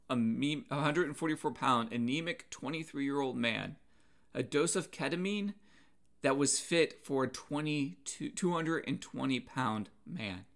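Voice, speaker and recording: A man preaching a sermon in an earnest, measured way, pausing now and then and restarting a word. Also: mid-range voice, gravelly, fairly bright tone.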